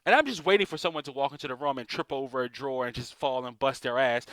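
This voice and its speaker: A man's voice: medium pitch, fast talker, a bit bright, dry recording. A man in a casual ranting monologue, exasperated and swearing often as he vents about things he hates. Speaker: vlogger.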